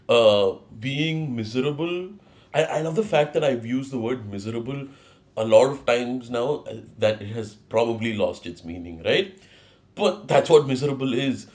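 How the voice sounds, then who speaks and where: Young male podcast host, confessional solo ramble, self-deprecating, lively pitch. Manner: rambling, self-mocking, swears and laughs at himself.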